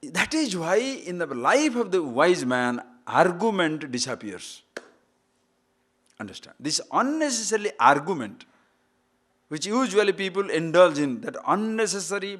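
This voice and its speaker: Middle-aged indian english guy teaching scripture, kinda high voice, super animated up and down, loud then quiet asides. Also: a little slow. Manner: animated, swings between loud emphasis and quiet asides, laughs at his own jokes. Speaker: spiritual teacher. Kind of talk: lecture on scripture.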